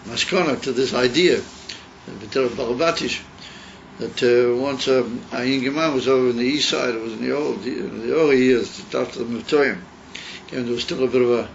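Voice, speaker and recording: Male rabbi, gravelly mid-pitched voice, halting delivery laced with Hebrew and Yiddish terms; dull lo-fi tape. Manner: halting, many fillers, mixes Hebrew and Yiddish terms into English. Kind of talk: teaching a Hasidic text with a story. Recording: dull lo-fi recording with faint hiss.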